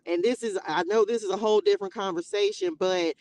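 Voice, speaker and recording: A woman's voice: mid-range voice, fast, darkish tone, a little hiss or hum, poor audio. A woman hosting a casual Bible study livestream, talking emotionally and straight to her viewers. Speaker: livestream host.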